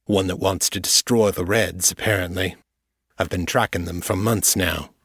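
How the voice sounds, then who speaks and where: A man doing a deep-voiced drawling captive. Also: fairly even intonation, normal speed, a bit bright, no room sound, studio quality, full character voice. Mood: weary. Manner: drawling, gruff.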